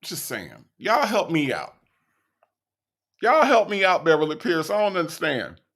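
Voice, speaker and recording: Hosting an online show, this man reacts to a clip with teasing, incredulous commentary, reading viewer comments and chat names aloud in a casual way. His voice sits on the high side, very animated yet unhurried, with a fairly bright tone and a breathy edge.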